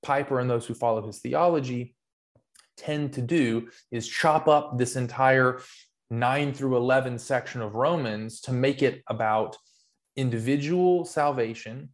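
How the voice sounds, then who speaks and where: Co-host, male, mid-pitched: earnest long-winded explainer in casual discussion. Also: a little slow. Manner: earnest, rambling explanations with restarts. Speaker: podcast co-host.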